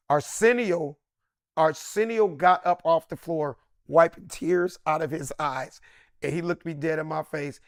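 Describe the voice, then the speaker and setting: A middle-aged man, a comedian, telling a story with excitable swings into loud, high bursts. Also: dry recording, clean studio sound. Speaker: comedian guest. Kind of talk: animated storytelling.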